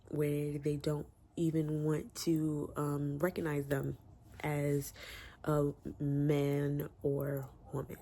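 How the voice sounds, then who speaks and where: A man's voice: a little high, creaky, warm tone, husky. A man giving a casual, emotional book review from home, talking candidly with slang. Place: room at home with window open.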